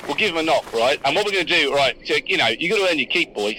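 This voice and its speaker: Bright, high-voiced chatty man. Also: animated, fast, slight background noise, poor audio. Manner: chatty, cheeky, blustering. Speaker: podcast host. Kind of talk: improvised comedy role-play.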